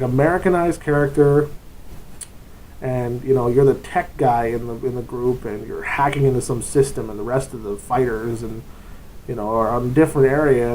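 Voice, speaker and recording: A man's voice: medium pitch, mellow, rough recording. A man giving casual, rambling advice as a tabletop game master, wandering off topic and dropping into brief put-on voices. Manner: rambling and digressive, often breaking into short put-on voices.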